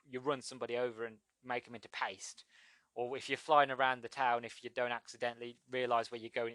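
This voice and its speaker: Podcast host, male, casual rambling comic review, mid-pitched, dry close recording. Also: fairly bright tone, no room sound. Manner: rambling, many restarts and "you know".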